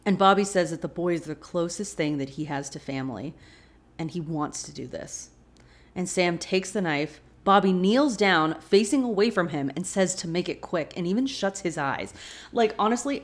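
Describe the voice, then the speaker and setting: A woman hosts a rewatch show in a slightly lower-pitched voice. She recaps the episode casually and reacts openly as she retells it, gasping and protesting at the twists. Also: normal speed. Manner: expressive, reacts emotionally while retelling.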